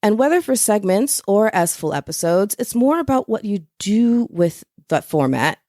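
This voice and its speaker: A woman's voice: mid-range voice, big pitch swings, normal speed, a little mellow, dry recording, studio quality. A woman hosting a solo podcast, talking through show formats in a chatty way and laughing at her own asides. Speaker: podcast host. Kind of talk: solo podcast teaching episode.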